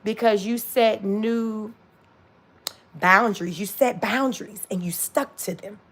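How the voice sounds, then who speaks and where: A woman's voice: medium pitch, a little slow, fairly bright tone. Blunt, profane woman in her forties. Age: 40s. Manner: blunt, profane, laughing often. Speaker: livestream host. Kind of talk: casual livestream talk.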